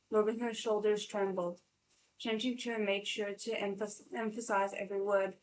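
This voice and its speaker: A woman's voice: mid-range voice, moderate pace, low-quality recording. Woman reading a novel aloud, live. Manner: steady narration with frequent small slips and restarts. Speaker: channel host and reader.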